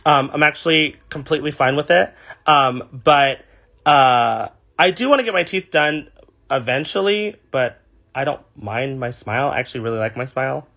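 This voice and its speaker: A man's voice: mid-range voice, moderate pace, bright, forceful tone. A young man from California, a drag performer, chatting casually on a livestream and reading viewer comments aloud.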